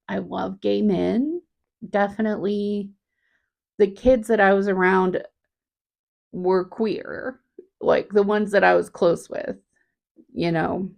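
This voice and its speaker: Slow, gravelly-voiced woman in her thirties. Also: medium pitch, highs cut off. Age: 30s. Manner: halting, reflective, with frequent restarts. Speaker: vlogger. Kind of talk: candid personal vlog.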